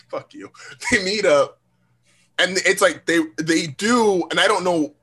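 Animated, profane man with bright voice. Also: high voice, takes it slowly, breathy edge. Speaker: podcast co-host. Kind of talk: casual chat.

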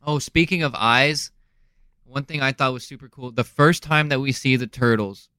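A man's voice: medium pitch, moderate pace, bright, forceful tone, smooth, dry recording. A man co-hosting a podcast in casual chat, agreeable and easygoing, rambling a little. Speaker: podcast co-host.

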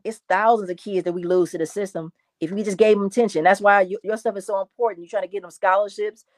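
A woman's voice: mid-range voice, fairly even intonation, fast talker, no room sound. Woman prosecutor speaking earnestly, emphatic, bit of stumbling, dry close sound. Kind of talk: earnest public remarks.

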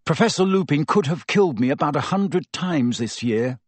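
Brief: male reader doing a bold, urgent schoolboy, husky, wide swings in pitch. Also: lively intonation, normal speed, dry recording. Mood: urgent reasoning. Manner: urgent, yelling. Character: defiant teenage schoolboy, brave and angry.

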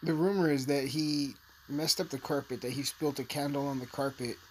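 A man's voice: medium pitch, fairly even intonation, normal speed, slight background noise. A man giving a casual, blunt, profane recap of a crime case, rambling as he goes. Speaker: true-crime commentator.

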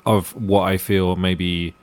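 A man's voice: low-pitched, little pitch movement, takes it slowly. A man from London with a London accent, co-hosting a casual movie podcast, blunt and sweary. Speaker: podcast co-host. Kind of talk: casual movie-review chat.

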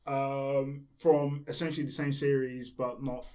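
A man co-hosting a casual podcast chat, relaxed, swearing casually and laughing. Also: mid-range voice, a little slow, clean tone. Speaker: podcast co-host.

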